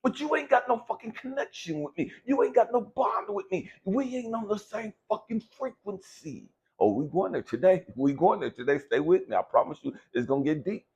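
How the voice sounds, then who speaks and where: A man giving an impassioned motivational talk, preachy and profane, swinging from low musing to loud outbursts. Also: very animated, moderate pace, few pauses, husky, highs cut off. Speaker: motivational speaker.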